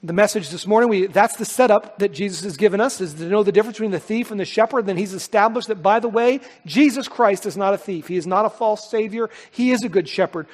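High-voiced preacher in an echoing hall. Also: male voice. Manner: earnest, dynamic preaching with dramatic pauses and swells. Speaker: pastor. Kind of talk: sermon.

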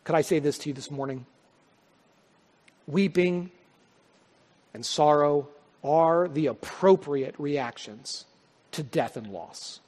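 A male pastor preaching a sermon, swelling to loud, high peaks and then dropping to soft, quiet lines. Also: slow pace, pauses often. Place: church sanctuary. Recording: long hall reverb.

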